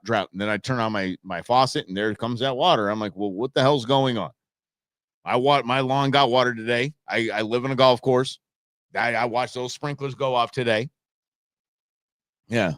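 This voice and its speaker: A man's voice: medium pitch, a bit bright, dry recording. A man hosting a live talk show, rambling and sarcastic in casual political commentary. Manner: rambling, sarcastic, restarts often.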